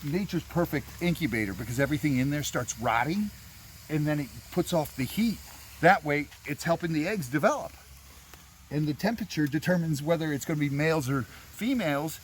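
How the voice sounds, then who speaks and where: A man's voice: fairly high pitch, lively intonation, brisk, a little hiss or hum. A man who handles alligators at a park, chatting casually outdoors and explaining things in a laid-back, knowing way.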